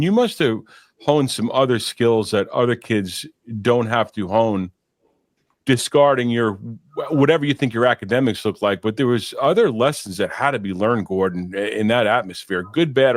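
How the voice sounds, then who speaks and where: A man's voice: mid-range voice, no room sound. A man hosting a podcast, asking his guest long, thoughtful, winding questions. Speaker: podcast host. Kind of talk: interview questions.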